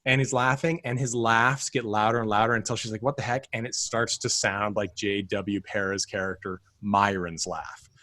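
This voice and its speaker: A man's voice: fairly low pitch, steady tone, normal speed, hardly any pauses, pushed and bright, no room sound. Rambling man reviewing a cult film. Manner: rambling, frequent fillers and restarts. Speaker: podcast co-host. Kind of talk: casual film review chat.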